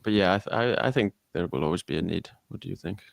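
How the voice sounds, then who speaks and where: A male podcast co-host chatting and bantering with the others. His voice is low with a gravelly rasp, and the recording is dry. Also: lively intonation, fast talker, no echo. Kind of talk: casual live podcast chat.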